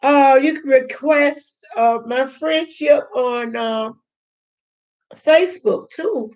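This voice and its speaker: Older woman, channel host, emotional and near tears, slow high delivery. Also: darkish tone, dull audio. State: tearful. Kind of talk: live-stream chat with viewers.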